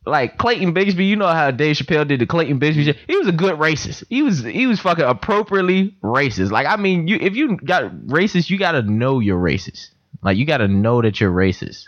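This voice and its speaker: Animated young man telling stories. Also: a little high, fairly quick, dry recording. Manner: animated storytelling with voiced quotes. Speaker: podcast host. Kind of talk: casual chat. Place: room in a house. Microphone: computer mic. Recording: dull lo-fi home recording.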